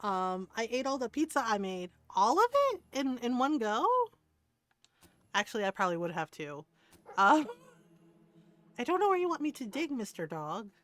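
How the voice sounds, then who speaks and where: A woman's voice: a little high, big pitch swings, moderate pace, long pauses, a bit bright, dry recording. A woman game streamer chatting casually while she plays, telling stories and laughing often. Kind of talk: casual chat while playing.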